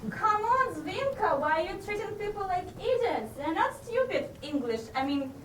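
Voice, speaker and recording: A woman playing a bossy, indignant Eastern European patriot with an Eastern European accent, her high voice swooping widely as she scolds at an unhurried pace. She is heard from a distance on a roomy stage, with a steady hiss behind her. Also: exaggerated voice. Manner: scolding, lively, listing things off with mock indignation. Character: bossy, lively Eastern European woman lecturing about nationalities. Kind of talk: live stage comedy character. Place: theatre stage. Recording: distant, echoey live stage recording with background noise.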